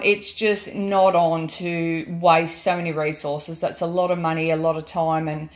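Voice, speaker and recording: An Australian woman vlogger chatting casually and emphatically through a product demonstration, with many ums. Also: on the low side. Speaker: gold prospecting vlogger.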